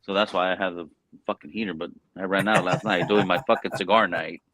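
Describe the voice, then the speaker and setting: A man's voice: low voice, steady tone, brisk, a bit bright, a little hiss or hum. A man hosting a casual live stream chat, telling blunt stories full of profanity.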